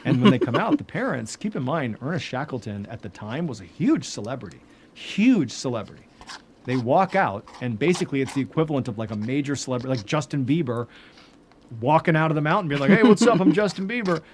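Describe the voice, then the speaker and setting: A male podcast host tells stories in casual conversation, animated and full of filler words. His voice is medium-pitched and slightly rough, and he talks a little fast.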